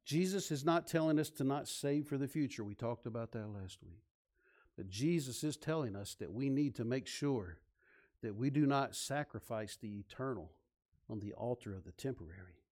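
A male pastor preaching a sermon, swinging from loud, emphatic lines to soft, hushed ones. He leads the congregation in call-and-response and drops in self-deprecating asides. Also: mid-range voice, lively intonation, normal speed.

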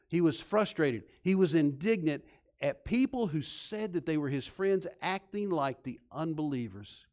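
A man preaching a sermon, swinging from loud, emphatic points to soft, low passages. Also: animated, unhurried. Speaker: pastor.

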